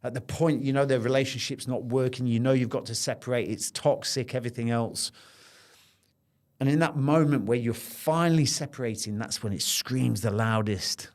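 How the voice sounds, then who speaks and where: A man's voice: medium pitch, moderate pace. A middle-aged man speaking as a podcast guest, telling a personal story in an earnest, intense way and repeating phrases as he relives it.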